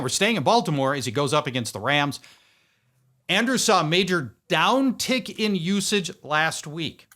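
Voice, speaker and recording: A man's voice: fairly high pitch, bright, forceful tone. A man hosting a fantasy sports podcast, reading off stats with emphatic, playful delivery. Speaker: podcast host.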